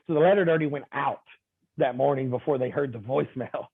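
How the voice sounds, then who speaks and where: A man, an insurance agent guest, telling lively anecdotes in a casual interview, acting out quoted lines, with ums and uhs. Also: medium pitch, fairly quick, vocal fry, husky, no room sound. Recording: tinny phone-like line.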